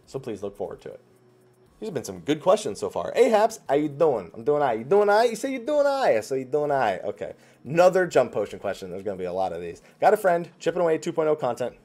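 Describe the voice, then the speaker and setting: A man's voice: mid-range voice, mellow. A man from New Jersey hosting a weekly Q&A, chatting casually as he answers viewer questions. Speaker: host. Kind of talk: casual Q&A chat.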